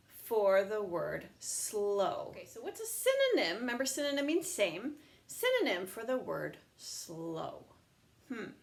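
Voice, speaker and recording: Patient sing-song woman teaching kids. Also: fairly high pitch. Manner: slow, patient, sing-song teacher talk that sounds words out. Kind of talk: online lesson for young children.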